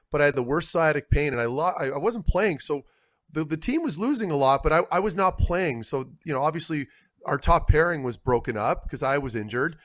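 A man co-hosting a casual sports talk show, telling a long story in a rambling way that keeps trailing off. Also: fairly high pitch. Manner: rambling, self-correcting, trailing off quietly. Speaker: co-host, former hockey player.

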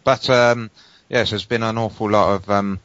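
A man's voice: fairly low pitch, steady tone, normal speed, fairly bright tone, dry recording. A man co-hosting a fan podcast, bantering with dry jokes. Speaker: podcast co-host. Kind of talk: casual banter. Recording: dull lo-fi home recording.

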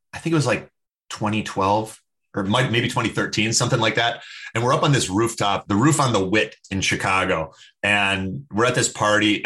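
A man speaking as a podcast guest, talking emphatically and telling stories in an opinionated, animated way. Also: fairly low pitch. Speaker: podcast guest, health expert. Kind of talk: casual interview talk.

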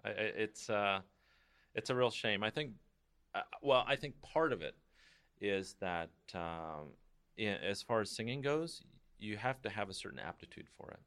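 A man with a slightly low voice leads a casual interview. He sounds chatty and encouraging, asking open questions and dropping in frequent short affirmations while his guest talks. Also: animated, moderate pace, fairly bright tone, clean tone. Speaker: interviewer, host. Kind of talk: casual conversation.

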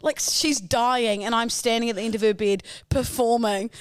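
A young woman co-hosting a casual podcast chat, telling childhood stories with lively, loud put-on quotes. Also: fairly high pitch, normal speed, clear, resonant tone, no echo, studio quality. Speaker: podcast co-host.

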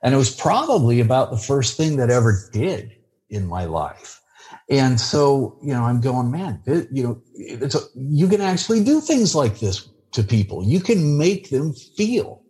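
A man being interviewed on a podcast, speaking in a halting, plainspoken way with frequent restarts. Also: mid-range voice, very animated, mellow. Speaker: interview guest. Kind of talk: casual interview chat.

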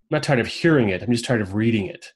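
A man hosting a group video call, upbeat and energetic, calling on members by name. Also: fairly low pitch, racing, husky. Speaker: host of an online roundtable.

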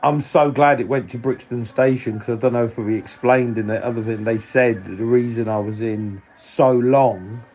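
A man's voice: medium pitch, highs cut off. Laughing, swearing man telling a story. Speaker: caller. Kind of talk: casual phone-in story.

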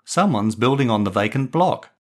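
A man's voice: medium pitch, lively intonation, moderate pace, voice pushed up, lightly acted. A man voicing a sensible older sister, a school captain, in a storybook reading. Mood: calm.

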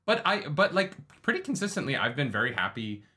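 A man chatting casually on a live book stream, his voice swinging up and down with lots of expression. He sounds bright and forward, jokes around, and laughs easily between points. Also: fairly high pitch, fairly quick. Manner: animated and joking, often laughing. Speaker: co-host of a book club stream. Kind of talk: casual livestream chat.

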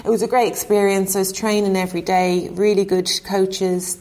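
A woman's voice: mid-range voice, flat delivery, moderate pace, warm tone. A woman, a former goalkeeper, chatting as an interview guest and telling stories, acting out dialogue and laughing often. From Ireland. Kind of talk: casual chat, storytelling.

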